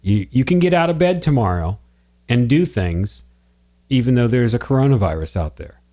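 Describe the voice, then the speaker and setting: A man's voice at a middle pitch, earnest and preachy as he makes his points on a faith podcast. He laughs easily between serious stretches. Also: lively intonation, moderate pace, dark tone. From Connecticut, New England. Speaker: podcast co-host. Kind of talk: casual faith podcast chat.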